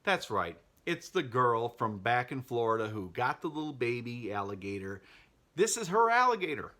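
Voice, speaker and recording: A man's voice: medium pitch, big pitch swings, moderate pace, bright, forceful tone. Regular guy retelling a fave movie, jokey and wry, laughs at the dumb bits. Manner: chatty and wry, laughing at the plot. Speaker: movie vlogger. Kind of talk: casual movie recap.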